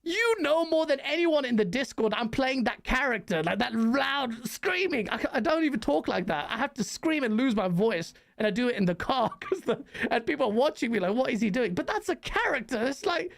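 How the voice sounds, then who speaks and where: A man hosting a podcast, talking in a quick, animated way and often breaking into laughter. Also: extremely high pitch, creaky. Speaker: podcast host. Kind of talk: casual podcast chat.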